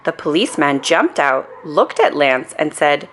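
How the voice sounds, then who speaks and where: A woman reading a children's book aloud at bedtime, soft and unhurried. Her pitch sits slightly low but moves expressively, and she takes her time over every line. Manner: calm, soothing reading with playful character voices. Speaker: storyteller. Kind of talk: bedtime story read-aloud.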